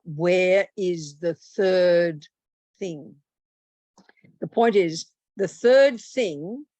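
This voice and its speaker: A woman's voice: mid-range voice, no room sound. A woman, a Buddhist nun, teaching a meditation retreat in a blunt, plain-spoken and humorous way.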